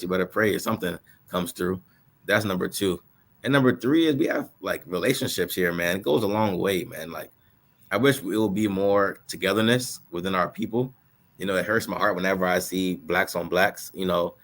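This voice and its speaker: Deep-voiced Nigerian man, easygoing. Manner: relaxed, loose, drops in "man" and "you know". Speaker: guest entrepreneur. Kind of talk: casual talk show conversation.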